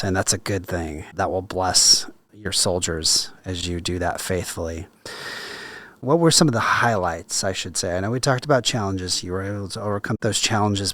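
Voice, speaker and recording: Low-voiced man, encouraging army chaplain. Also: fairly bright tone. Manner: reflective, encouraging, pastoral. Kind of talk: conversational interview.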